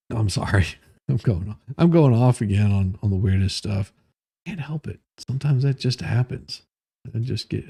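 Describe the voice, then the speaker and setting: A man's voice: lowish voice, vocal fry, dark tone, slightly rough. A man hosting a morning news commentary stream, rambling and joking as he reads headlines and goes off on tangents. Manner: rambling, joking, self-interrupting. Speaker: host.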